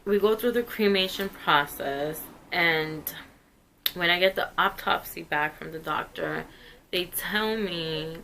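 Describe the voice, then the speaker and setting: A woman speaks to camera in a slow, earnest personal testimony. Her tone is bright and forward, and she sits a little low in her pitch. She takes her time with every phrase. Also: a little hiss or hum, low-quality recording. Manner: slow, earnest, emotional storytelling. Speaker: vlogger.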